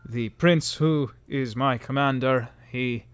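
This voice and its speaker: Casting: man playing a earnest male drow warrior, formal and courteous, measured and unhurried in delivery, with a mid-pitched voice. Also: clear, resonant tone, no room sound, natural voice.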